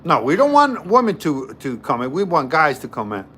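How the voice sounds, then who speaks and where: A man's voice: a little high, huge pitch swings, moderate pace, sharp tone, slight background noise. A man hosting a livestream, telling a story to his chat in a casual, joking way and repeating himself often. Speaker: livestream host.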